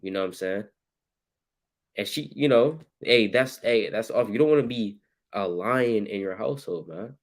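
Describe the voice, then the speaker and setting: A low-voiced man teaching scripture in loose street slang. He acts out little scenes and breaks into sudden shouts. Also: normal speed.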